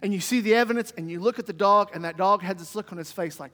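High-voiced man preaching in a reverberant hall. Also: quick pace, sharp tone. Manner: conversational preaching with vivid everyday examples. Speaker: pastor. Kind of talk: sermon. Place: church sanctuary.

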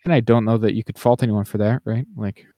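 A man's voice: on the low side, steady tone, fast, mellow, no room sound. Man musing over a film, dry sound. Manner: meandering, hedging, thinks aloud. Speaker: podcast co-host. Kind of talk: casual movie discussion.

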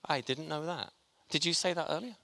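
Chatty preacher in a reverberant hall. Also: male voice, a little high, a little fast, vocal fry, pushed and bright. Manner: chatty and jokey, talks to the congregation. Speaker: pastor. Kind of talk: sermon.

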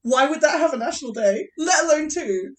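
English woman, podcast co-host, bright and bubbly, laughs a lot, sits slightly off-mic. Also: high voice, brisk, far from the mic. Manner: giggly, animated, laughs often. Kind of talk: casual chat.

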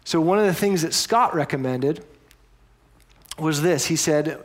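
A man's voice: on the high side, animated, normal speed. A man preaching a sermon as pastor, telling stories in a conversational way with explanatory asides.

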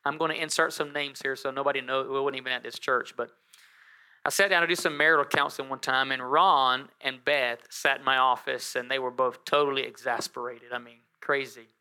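Bright-voiced pastor joking in a sermon. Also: male voice, medium pitch, a little fast, clear, resonant tone. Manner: animated storytelling with joking asides to the congregation.

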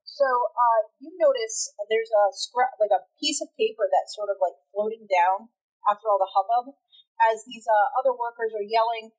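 A woman's voice: on the high side, normal speed, darkish tone, rough recording. A woman runs a tabletop role-playing game as its game master. She narrates scenes in a loose, casual way, with fillers and restarts. She also explains the rules as she goes.

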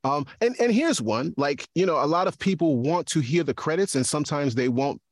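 A man's voice: fairly high pitch, expressive, fairly quick, no echo, clean studio sound. A man and podcaster talking in a casual discussion, often repeating words as he thinks. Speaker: podcaster and guest.

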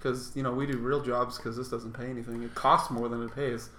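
A man's voice: medium pitch, little pitch movement, brisk, bright, forceful tone, roomy sound. A man co-hosting a podcast in casual chat, rambling and joking and swearing freely. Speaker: podcast co-host.

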